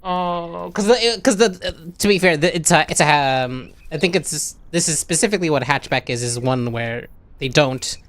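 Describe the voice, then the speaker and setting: A man, a podcast co-host, telling an anecdote in casual chat, animated and swearing often. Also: a little high, normal speed, few pauses.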